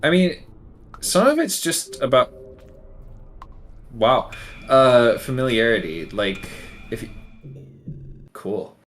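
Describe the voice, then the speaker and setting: A man's voice: medium pitch, big pitch swings, slow pace, pauses often, a bit bright, soft background music. Rambling male game streamer. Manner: rambling, self-correcting. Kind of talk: casual live-stream chat.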